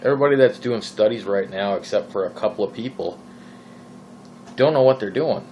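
A man's voice: lowish voice, brisk, a little mellow, muffled recording, a little hiss or hum. A man from Minnesota with a Minnesotan accent, rambling casually in his vlog, full of fillers and exasperated questions. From Minnesota, USA. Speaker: vlogger. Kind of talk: casual vaping vlog rant.

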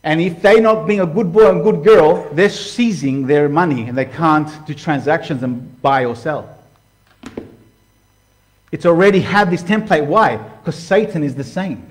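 Male preacher with a high voice, animated and conversational, addresses viewers directly. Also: unhurried. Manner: animated, talks to viewers as "guys", acts out quoted voices. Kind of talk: casual sermon to camera.

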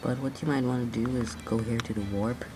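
A woman's voice: extremely low pitch, steady tone, a little fast, background noise. A woman casually chatting and rambling to herself while playing a video game. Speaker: gameplay commentator. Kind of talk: casual let's-play commentary.

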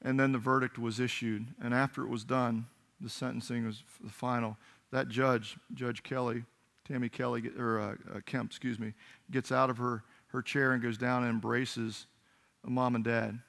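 Gravelly-voiced pastor preaching earnestly. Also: male voice, mid-range voice, level tone, fairly bright tone. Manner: earnest storytelling with halting restarts. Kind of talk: sermon. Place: church sanctuary.

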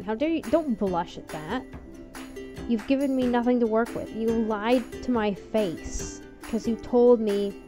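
Higher-voiced young woman, let's play commentary, sarcastic banter, soft game music underneath. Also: measured pace. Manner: playful and sarcastic, argues with game characters; laughs easily. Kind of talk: casual gameplay commentary.

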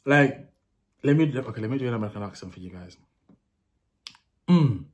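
A man's voice: medium pitch, lively intonation, a little fast. A young man vlogging casually to camera, chatty and laughing, with street slang. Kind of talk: casual vlog talk to camera.

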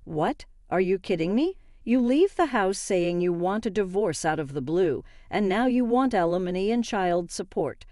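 A woman's voice: mid-range voice, lively intonation, normal speed, few pauses, dark tone, no echo, clean studio sound, close to an everyday voice. A woman voicing a bitter, blustering husband caught cheating, reading him in a story. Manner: blustering, defensive.

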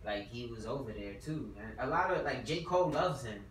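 A man's voice: mid-range voice, animated, a little fast. Rambling man in an echoey room. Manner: rambling, restarts, leans on "like". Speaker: podcast co-host. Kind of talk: casual chat. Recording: roomy, distant mic, faint noise.

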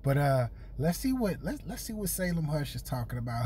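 A man's voice: a little high, sing-song, brisk, warm tone, breathy edge. A man hosting a rap battle, giving laid-back feedback with plenty of hesitations and fillers. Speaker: battle host and judge. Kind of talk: casual chat.

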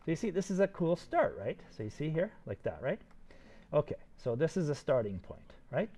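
An older man teaching a 3D modeling tutorial live, talking fast and excitedly while he demonstrates and encourages his students. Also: a little high. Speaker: 3D modeling instructor.

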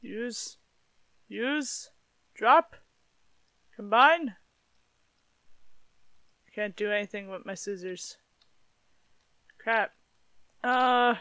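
A woman's voice: fairly high pitch, drawn-out words, pauses often, pushed and bright. A young woman chatting casually as she plays through a horror game, reacting aloud to each action. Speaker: gameplay streamer. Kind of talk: casual let's-play commentary. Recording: faint game music behind her.

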